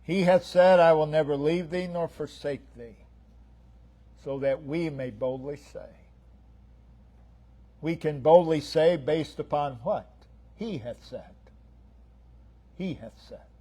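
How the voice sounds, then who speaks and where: Male preacher, slightly high voice, slow deliberate delivery, emphatic and repetitive with sharp loud-soft swings. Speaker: pastor. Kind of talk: sermon.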